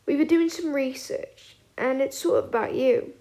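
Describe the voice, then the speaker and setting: A woman voicing a calm, measured teenage schoolboy who steadies his friends. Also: high-pitched, close to an everyday voice. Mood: earnest. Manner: measured, tempering.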